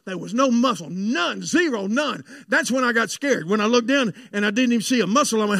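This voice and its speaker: A pastor preaching a sermon and telling a personal story, fervent and confiding by turns. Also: male voice, very high-pitched, animated, brisk, vocal fry, few pauses, no echo. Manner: fervent, swings between shouted preaching and hushed confiding storytelling.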